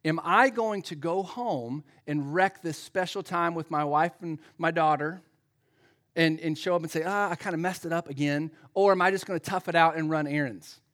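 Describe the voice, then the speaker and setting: A middle-aged man preaching a sermon, telling self-mocking stories to his congregation and building up to loud, excited shouting. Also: fairly high pitch, normal speed. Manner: self-deprecating storytelling to a congregation; rises to loud excited shouting in the story's climax. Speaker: pastor.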